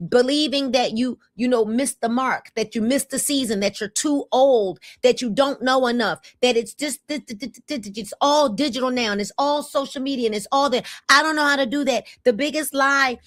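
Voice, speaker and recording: Energetic woman in her fifties, livestreaming. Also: a little high, moderate pace, no echo, studio quality. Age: 50s. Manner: energetic, repetitive calls to comment. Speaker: livestream host. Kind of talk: casual livestream talk to viewers.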